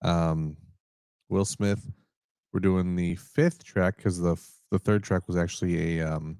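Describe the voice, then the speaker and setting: A man co-hosting a podcast, chatting casually in a relaxed, rambling way and often correcting himself. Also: low voice, measured pace, smooth, no room sound, clean studio sound. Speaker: podcast co-host. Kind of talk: casual chat.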